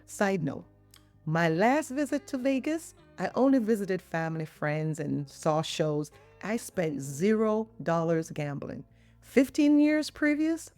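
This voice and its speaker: A woman's voice: lowish voice, a little mellow, dry recording. A middle-aged woman hosting a podcast, chatting in a playful way with teasing asides to the listener. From Jamaica. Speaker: podcast host and physician.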